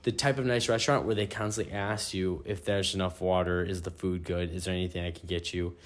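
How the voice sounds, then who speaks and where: A man's voice: deep voice, level tone, quick pace. A young man in casual chat, animatedly telling a story and acting out quotes.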